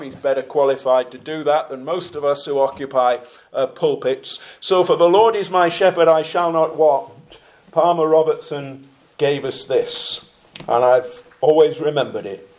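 A middle-aged man preaching a sermon, slow and deliberate, with fillers and phrases that trail off quietly. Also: mid-range voice.

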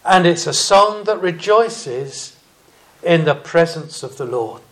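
A man preaching a sermon, speaking deliberately and rising in emphasis on key phrases. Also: on the high side, lively intonation.

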